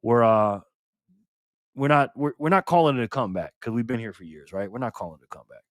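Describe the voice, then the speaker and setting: An older man hosts a casual live stream and chats with his viewers. His voice sits at a middle pitch and sounds close and dry, with no room echo. He calls out greetings loudly, then drops into quiet, low asides. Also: animated, fast talker. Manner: chatty, swings from loud cheerful greetings to low quiet asides.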